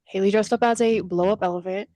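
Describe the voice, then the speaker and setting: A woman's voice: medium pitch, fairly even intonation, quick pace, mellow, no room sound. A young adult woman co-hosting a podcast, chatting casually and telling stories with casual swearing and acted-out quotes. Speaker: podcast co-host. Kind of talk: casual chat.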